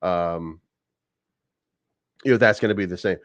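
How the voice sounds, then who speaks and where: A man's voice: low voice, measured pace, dry recording, voice pushed down. A man doing a mumbling, stammering impression of an old male president. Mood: muddled. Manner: stammering, repeats words, mumbles. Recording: dull lo-fi sound.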